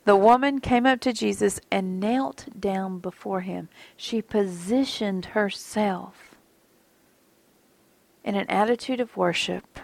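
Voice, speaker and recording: Gravelly-voiced woman teaching the Bible. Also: medium pitch, slow, darkish tone, no echo. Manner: musing, conversational, drops to near whisper.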